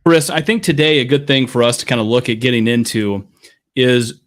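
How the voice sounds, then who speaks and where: A man with a medium-pitched voice talks fairly quickly while co-hosting a casual sports podcast over a headset. He's laid-back and joking, and he swears freely.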